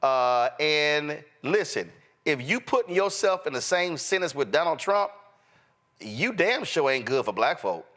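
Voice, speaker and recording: A man's voice: fairly high pitch, big pitch swings, a little slow, a bit bright. A man hosting a political commentary show, talking bluntly and emphatically in a colloquial way. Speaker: host.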